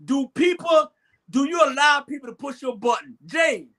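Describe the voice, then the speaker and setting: A man hosting a late-night talk show, lecturing his audience with emphatic, often shouted lines. His voice sits unusually high and has a bright, forceful edge. He swears freely to drive his points home. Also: expressive, moderate pace. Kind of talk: casual talk show chat.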